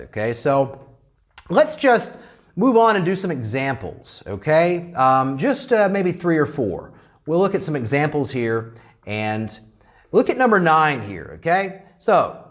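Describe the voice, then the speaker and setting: A man's voice: mid-range voice, a bit bright. A man teaching an English grammar lesson, drilling phrases and checking in with "okay?" over and over. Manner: repeats phrases slowly to model pronunciation.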